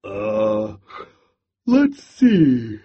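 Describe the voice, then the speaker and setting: A big, sleepy male bear from a storybook, slow-witted and grumbling. A man plays him with a lower, drowsy delivery, slow and slightly husky. The recording has a dull, lo-fi sound. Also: sing-song, exaggerated voice. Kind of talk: storybook read-aloud.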